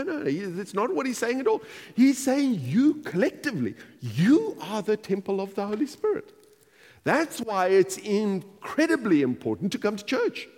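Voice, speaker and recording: A man preaching a sermon as pastor, animated and emphatic, repeating key phrases for weight. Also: sits high, in a large hall.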